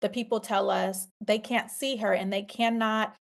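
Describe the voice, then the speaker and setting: A middle-aged woman, a podcast host and coach, telling a personal story in a casual, animated way and talking straight to her listeners. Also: medium pitch, moderate pace, vocal fry. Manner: animated, conversational, addresses listeners as y'all.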